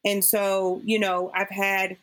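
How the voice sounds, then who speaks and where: A woman with a mid-range voice takes her time as a guest in a conversational podcast interview. She is emphatic and animated, acting out the quotes of people who spoke to her.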